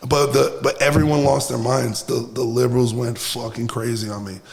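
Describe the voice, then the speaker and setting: Gravelly Brooklyn man telling stories. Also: medium pitch, little pitch movement, moderate pace. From Brooklyn, USA. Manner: emphatic, profane storytelling with frequent restarts. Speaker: podcast guest. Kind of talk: casual podcast conversation. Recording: roomy with long reverb.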